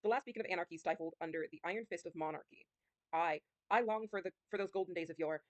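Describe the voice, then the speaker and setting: A woman's voice: fairly low pitch, quick pace, no echo, close to an everyday voice. A woman doing a weary old pirate. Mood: wistful. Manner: pirate slang, loose put-on accent.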